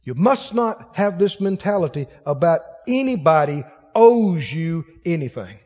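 A man's voice: a little high, unhurried, long reverb tail, muffled recording. A man preaching a sermon as pastor, acting out the voices of the people in his stories. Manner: animated preaching, acts out quoted voices.

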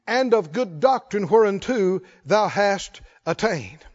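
High-pitched preaching man, dull recording. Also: lively intonation, unhurried, hardly any pauses, long reverb tail. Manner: call-and-response preaching, rising to shouts. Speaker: pastor. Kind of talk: sermon.

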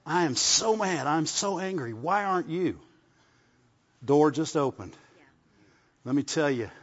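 A man preaching to his congregation in a relaxed, conversational way, pausing to ask for an "amen". His voice sits a touch high for a man. The recording sounds muffled and carries a long reverb from a large hall. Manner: conversational preaching with call-and-response asides. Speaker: pastor. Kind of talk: sermon. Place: church service.

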